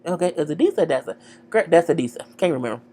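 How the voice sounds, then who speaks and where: A woman casually recapping a TV episode, slangy and animated, talking straight to her viewers. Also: low voice, racing. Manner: animated, slangy, acts out dialogue, chats to viewers. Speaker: TV show recapper.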